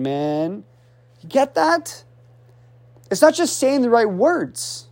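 A man coaching on communication in an energetic, motivational way, often checking in with his listeners. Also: very high voice, takes it slowly, long pauses. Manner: energetic, checks in with "right?" constantly; swings voice up and down to demonstrate tone. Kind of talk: animated motivational teaching.

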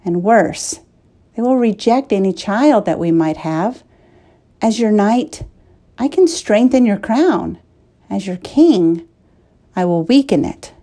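Lady doing a earnest young knight guy, solemn, slow and soft. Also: medium pitch, expressive.

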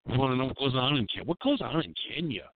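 Crude rambling radio host, tinny sound. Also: male voice, mid-range voice, very animated, fast, no echo. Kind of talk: live call-in radio talk. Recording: dry tinny phone-like sound.

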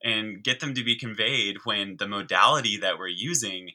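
Brief: male podcast guest, lower register with a sharp bright edge, eager teacherly explainer. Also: normal speed, low-quality recording. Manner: enthusiastic, chatty explainer. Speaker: guest, sign language teacher. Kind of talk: conversational explaining.

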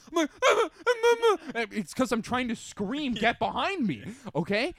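A young man co-hosting a podcast, telling a story in animated casual chat and acting out his own shouts. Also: sits high, measured pace, hardly any pauses, no echo. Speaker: podcast co-host.

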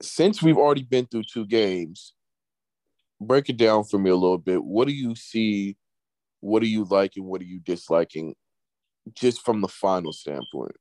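A man's voice: lowish voice, moderate pace, a little mellow, no echo. A man co-hosting a casual sports podcast, blunt, emphatic and heavy on profanity. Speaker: podcast co-host.

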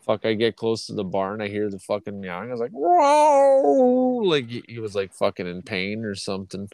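A man's voice: on the low side, level tone, quick pace, no echo. Profane, rambling Canadian man telling stories. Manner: profane, rambling anecdotes with acted quotes. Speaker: podcast co-host. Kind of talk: casual chat, storytelling.

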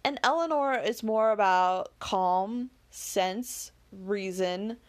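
A woman's voice: mid-range voice, takes it slowly. A woman reading a novel aloud, then talking it over in a chatty way, thinking aloud with fillers. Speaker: reader and commentator. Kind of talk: casual commentary on a novel.

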